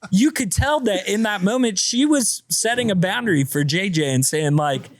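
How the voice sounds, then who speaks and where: A man co-hosting a casual podcast, telling stories with animated energy and acting out other people's voices. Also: high voice, moderate pace, no room sound, studio quality. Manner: animated storyteller, acts out voices. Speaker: podcast co-host. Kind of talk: casual chat.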